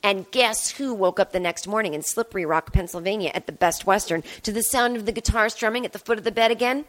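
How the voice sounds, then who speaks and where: A woman's voice: mid-range voice, quick pace. A woman in her fifties hosting a podcast, telling a candid, wry personal story in a monologue from home. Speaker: podcast host.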